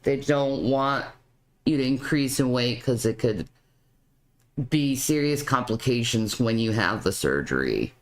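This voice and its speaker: A woman's voice: very deep voice, expressive, measured pace. A woman commenting on a video clip, often stammering and repeating her words. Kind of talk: reaction commentary.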